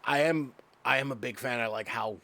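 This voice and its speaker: A man's voice: mid-range voice, moderate pace, sharp tone. A man streaming a farming game, chatting casually and rambling with lots of "like" fillers. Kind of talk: casual gameplay chat.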